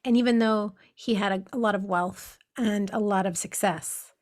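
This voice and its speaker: A woman's voice: mid-range voice, steady tone, normal speed. A woman co-hosting a podcast, talking casually and reflectively and telling anecdotes with frequent laughs. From Pacific Northwest of the US. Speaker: podcast co-host. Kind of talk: casual conversation.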